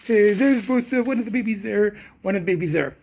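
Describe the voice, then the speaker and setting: A man's voice: high-pitched, brisk, creaky, darkish tone. Rambling older man vlogging. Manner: rambling, many fillers and restarts. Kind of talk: casual vlog chat. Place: inside a car at a tire shop.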